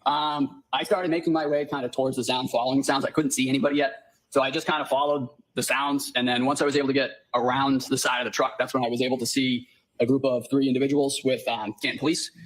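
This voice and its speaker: A man testifying in court as a firefighter paramedic, answering politely and in a measured way. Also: medium pitch, level tone, rough recording.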